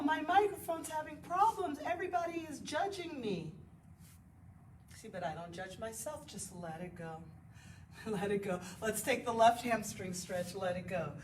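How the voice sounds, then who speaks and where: A yoga instructor with a medium-pitched voice, recorded from a distance, guides a live class in a chatty, encouraging way and counts the poses aloud. She is occasionally breathless, and her body mic is sometimes far off, so she comes across off mic in an echoey room with faint noise.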